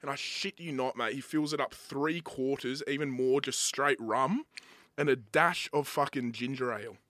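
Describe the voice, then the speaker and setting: A man's voice: medium pitch, moderate pace, no echo. A man telling stories in casual, sweary podcast chat. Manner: animated storyteller, swears freely. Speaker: podcast co-host.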